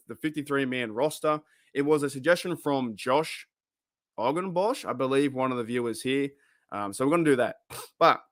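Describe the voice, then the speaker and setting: A man hosting a fan livestream. He chats casually, rambles and gets excitable, greeting viewers by name. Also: medium pitch, no room sound, clean studio sound. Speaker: host of a fan podcast livestream.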